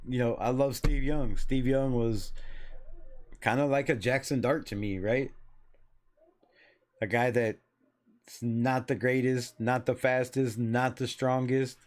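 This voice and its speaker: A man's voice: mid-range voice, a little mellow. A man in his forties from Los Angeles, hosting a casual football channel in a loose, chatty way, swearing freely and laughing at himself. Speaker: sports channel host. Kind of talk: casual sports commentary.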